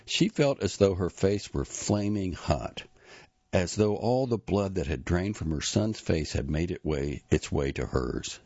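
A man narrating an audiobook in a measured, even storytelling manner. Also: extremely low pitch, vocal fry, husky, no room sound, highs cut off. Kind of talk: scripted literary narration.

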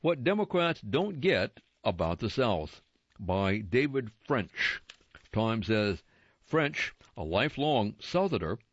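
A man reading magazine articles aloud on air, deliberate and measured, slowing down to stress key words. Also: lowish voice, dry recording. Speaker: radio reader of magazine articles. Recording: dull lo-fi dry broadcast sound.

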